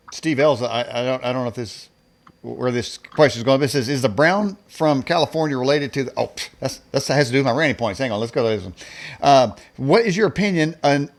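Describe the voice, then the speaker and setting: A man hosting an interview, asking questions loosely with fillers and hesitations. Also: medium pitch. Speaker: host.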